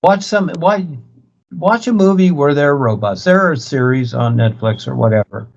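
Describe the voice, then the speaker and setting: A man's voice: a little high, lively intonation, moderate pace, creaky. A man teaching on a video call, in an insistent, repetitive, preachy way. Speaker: spiritual teacher. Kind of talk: lecturing over a video call. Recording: muffled video-call audio.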